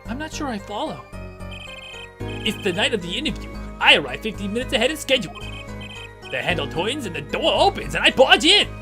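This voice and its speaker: A man's voice: high-pitched, very animated, a little fast, music in the background. A man voicing a brash, smug gossip journalist in a game playthrough who chuckles through his lines. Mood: boastful.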